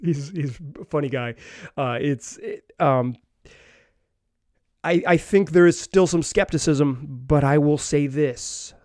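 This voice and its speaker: A man's voice: on the high side, darkish tone, no echo, studio quality. A man hosting a sports podcast, talking casually and rambling with many restarts and fillers. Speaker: podcast host.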